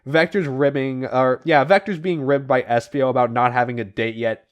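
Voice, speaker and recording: A man's voice: medium pitch, fairly even intonation, moderate pace, dull audio. A man hosting a casual podcast and recapping comic plots, swearing and laughing as he goes. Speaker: podcast host.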